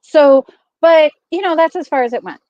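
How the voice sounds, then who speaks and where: A woman's voice: high-pitched, moderate pace, no room sound, muffled recording. A middle-aged woman hosting a vlog, chatting casually and laughing often as she tells a story. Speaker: vlogger host.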